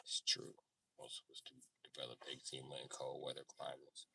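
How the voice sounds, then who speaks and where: A man's voice: rumbling low, monotone, brisk, gravelly, pushed and bright, husky, recorded from a distance. A man in his thirties hosting a live stream, rambling casually and profanely and answering his chat. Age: 30s. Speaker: livestream host.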